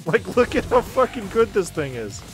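A man streaming a game who gives excitable, casual commentary and laughs and swears often. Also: high voice, normal speed, over music.

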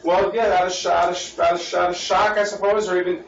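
A man's voice: high-pitched, level tone, fast talker, gravelly, faint music behind. A man with an American accent leading a church Bible study as pastor, repeating his words as he thinks and asking the class questions. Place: church meeting room. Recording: roomy, distant, dull and lightly noisy.

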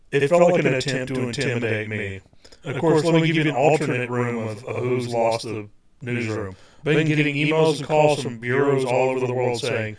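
A man hosting a podcast, reading a letter aloud with his own comments, halting and full of fillers. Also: medium pitch, distant mic. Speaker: podcast host.

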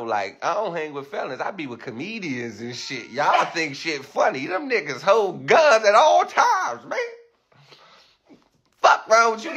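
A man's voice: high-pitched, a bit bright. A man with a Washington DC accent, ranting boastfully on a livestream into a handheld phone camera, swearing and laughing often. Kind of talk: rambling livestream rant.

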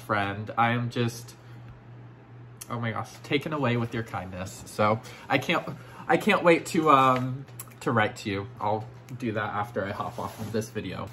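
A man with an ordinary mid-range voice talks through an unboxing of vintage collectibles, gushing and exclaiming over each piece. He often slips into breathy near-whispers. A faint room hum sits underneath. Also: mid-range voice, fairly bright tone. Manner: gushing, effusive, repeats "oh my gosh". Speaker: vintage toy collector and seller. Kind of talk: casual unboxing vlog.

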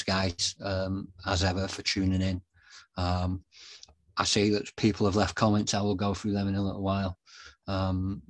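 A man's voice: deep voice, no echo. A man hosting a casual live-stream interview, hesitant, with many ums and restarts. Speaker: podcast host.

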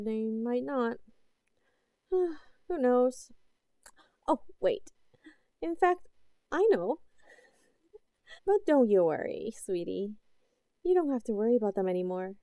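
A woman's voice: on the high side, dark tone, no echo, studio quality, heavily acted. A woman voicing an obsessive, possessive girlfriend in an audio drama, sweet-talking with unsettling laughs.

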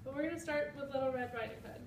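A woman's voice: high voice, racing. Young woman teacher reading to a class, recorded far off in an echoey classroom with faint noise. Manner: patient instructions with fillers. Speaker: student teacher. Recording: roomy, distant, faint room noise.

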